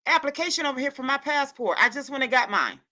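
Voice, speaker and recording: A woman hosting a casual livestream chat, excitable and laughing often as she reads out viewer comments. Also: sits high, fast. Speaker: livestream host.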